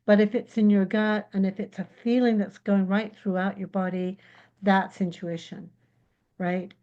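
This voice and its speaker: A woman from England, a psychic guest in a casual interview, who tells lively stories and acts out the voices she quotes. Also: mid-range voice, unhurried, highs cut off. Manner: animated storyteller, acts out quotes.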